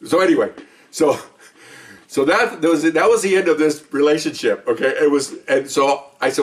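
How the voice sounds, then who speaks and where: A man's voice: fairly high pitch, a little fast, recorded from a distance. A middle-aged man casually telling a story, acting out both sides of a phone call and laughing often. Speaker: podcast co-host, retired cop.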